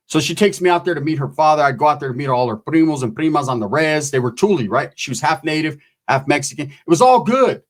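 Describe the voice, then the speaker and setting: A middle-aged man tells a long, loose story packed with slang and profanity. His voice sits a little higher than most men's, and he keeps checking in with his listeners as he goes. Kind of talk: casual storytelling.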